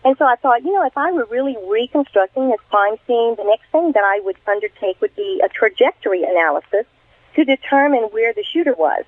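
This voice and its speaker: A woman's voice: a little high, animated, a little fast. A middle-aged woman, a retired crime scene investigator, telling her story earnestly and with animation in a radio interview. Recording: tinny phone line, dry.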